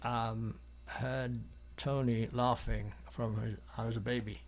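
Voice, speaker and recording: A man's voice: medium pitch, little pitch movement, slow pace. An English man from London, an artist guest in an interview, telling stories in a rambling, hesitant way with many ums and restarts. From London, England. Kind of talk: anecdotal storytelling in an interview.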